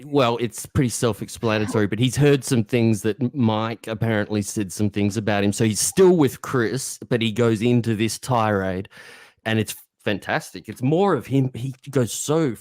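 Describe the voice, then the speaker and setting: A man with a lowish voice talks in a relaxed, casual podcast chat. The sound is dry and close. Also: normal speed, no echo. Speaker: podcast co-host.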